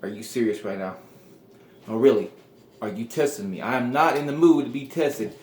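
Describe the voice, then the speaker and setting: A man voicing an angry, fed-up male pro wrestler in a low, cold tone, with a roomy echo. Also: normal speed, a little mellow, natural voice. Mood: annoyed.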